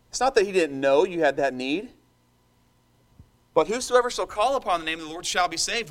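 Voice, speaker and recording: High-voiced man preaching a passionate sermon. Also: animated, fairly quick, long pauses. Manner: impassioned, emphatic preaching with call-and-response asides.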